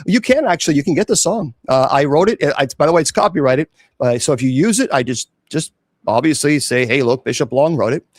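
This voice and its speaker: A man's voice: on the high side, lively intonation, fairly quick, dry recording, studio quality. A man who is a clergyman hosting his own show, talking casually and defiantly to viewers about online trolls. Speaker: host and clergyman. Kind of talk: casual livestream talk.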